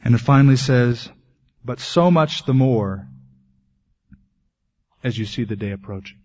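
A man preaching a sermon as pastor, earnest, ending in a quiet prayer. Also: mid-range voice, a little slow. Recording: dull lo-fi 1980s tape.

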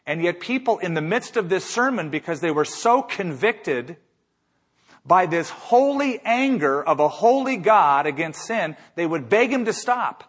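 Husky guy preaching hard, kinda high voice, lots of questions thrown at the crowd. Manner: emphatic preaching with rhetorical questions. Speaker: pastor. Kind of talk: sermon.

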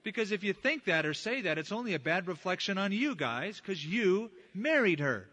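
Male pastor, middle-aged, conversational sermon delivery, bright and slightly high. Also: moderate pace. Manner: conversational, animated storytelling.

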